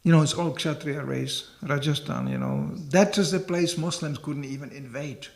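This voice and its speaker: Older man, sermon, gravelly tone, slightly high voice, chuckling storyteller. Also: big pitch swings, moderate pace. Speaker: monk giving a temple lecture.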